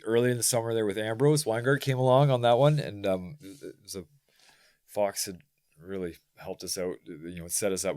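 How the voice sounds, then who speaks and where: A man from rural Ontario, a podcast guest telling animated, rambling stories in casual chat. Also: low-pitched. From rural Ontario, Canada. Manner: animated storyteller, rambling with restarts. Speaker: podcast guest, bike mechanic.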